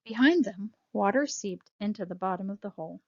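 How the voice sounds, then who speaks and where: Woman, storybook narrator, measured expressive reading, mid pitch, dull lo-fi recording. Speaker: audiobook narrator.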